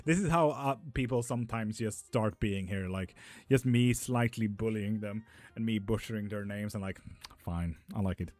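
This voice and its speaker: A man's voice: fairly low pitch, unhurried, a little mellow, dry recording, faint music behind. A young man hosting a casual live stream from home, reading chat aloud and bantering with loose, foul-mouthed humor. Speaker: streamer giving tarot readings.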